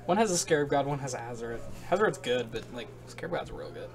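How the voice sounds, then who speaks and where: Gravelly, joking male commentator. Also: medium pitch, animated. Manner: joking, quick to react, playful asides. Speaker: stream commentator. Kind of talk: casual game commentary.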